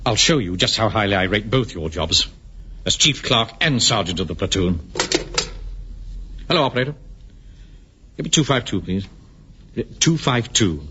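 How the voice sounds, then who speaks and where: An actor voices a pompous middle-aged bank manager and captain who blusters and swings his voice up and down for effect. The old broadcast sounds muffled under a steady hiss. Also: fairly low pitch, normal speed, long pauses, lightly acted. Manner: pompous, self-important and blustering. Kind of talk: 1970s radio sitcom acting. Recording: hissy, dull old radio recording.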